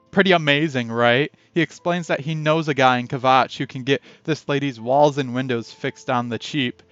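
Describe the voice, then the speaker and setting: A man's voice: medium pitch, a bit bright, clear, resonant tone, no room sound. A man reading a text game aloud in a casual playthrough, chatty and breaking off to add his own comments. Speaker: game player and narrator. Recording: dull lo-fi audio with faint music.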